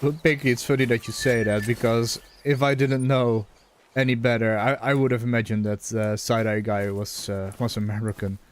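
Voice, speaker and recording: A man's voice: mid-range voice, level tone, moderate pace, few pauses, slight background noise. A young man casually commenting on a hunting game while chatting with his viewers, musing aloud in a rambling, conversational way. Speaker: gaming streamer.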